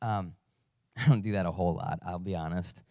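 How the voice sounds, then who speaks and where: A man's voice: deep voice, normal speed, dark tone, no room sound, studio quality. A man who is a father, a pastor giving a conversational sermon with storytelling and self-deprecating humor. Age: adult father.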